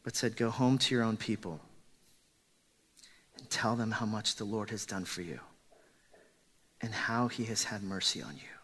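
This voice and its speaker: A man's voice: fairly low pitch, normal speed, long pauses, husky. A man preaching a sermon with dramatic emphasis, dropping to pleading whispers when he voices a character. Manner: rises to loud emphatic peaks.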